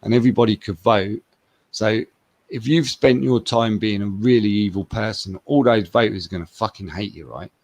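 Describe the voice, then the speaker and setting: A man's voice: lowish voice, normal speed, dry recording, dull audio. A man in casual chat, rambling and laid-back as he gives his friend advice. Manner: rambling, laid-back, calling him mate.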